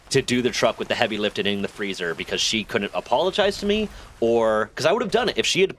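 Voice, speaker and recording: A young man streaming a game, telling a story in a casual, animated way and acting out the people in it. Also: medium pitch. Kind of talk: casual storytelling while gaming.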